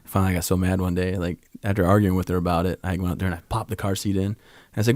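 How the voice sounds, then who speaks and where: A man in his thirties tells his stories fast and with energy, with a fairly low voice. He acts out the people in them and keeps laughing. The sound is close and dry. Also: flat delivery, darkish tone, no echo. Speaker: guest. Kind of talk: casual storytelling.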